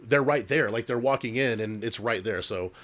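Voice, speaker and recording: Laid-back and heavy on the swearing, a podcast co-host relates a ghost story, calling people "dude" throughout. His voice is mid-range and fairly bright, delivered at a normal speed.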